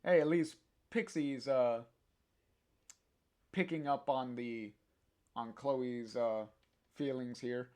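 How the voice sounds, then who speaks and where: A man's voice: mid-range voice, slow, long pauses, darkish tone. A man reading a comic aloud with his own commentary, hesitant with many fillers. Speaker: comic reader.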